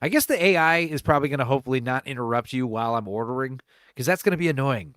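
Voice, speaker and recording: A man's voice: mid-range voice, expressive, rapid-fire, fairly bright tone, clean tone, no echo, studio quality. A man co-hosting a podcast, chatting casually, swearing freely and slipping into mock voices. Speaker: podcast co-host. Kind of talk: casual chat.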